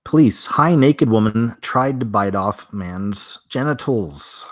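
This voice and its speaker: He takes it slowly, delivering weird-news headlines in a lowish, animated voice before riffing on them with chatty, offhand asides. The studio-quality recording has no echo.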